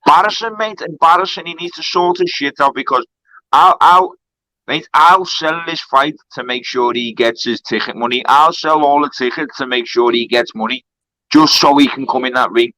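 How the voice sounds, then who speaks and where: A man's voice: mid-range voice, moderate pace, pushed and bright, no echo, poor audio. Aggressive swearing man. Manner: aggressive, swearing trash talk. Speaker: fighter on a charity boxing card. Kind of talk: heated live-stream chat. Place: kebab shop.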